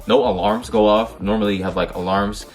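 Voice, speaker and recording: This young Dutch vlogger speaks in a fairly quick, gravelly, lowish voice with a steady tone. He tells personal stories to the camera in a casual, frank and heated way, packed with slang and cursing.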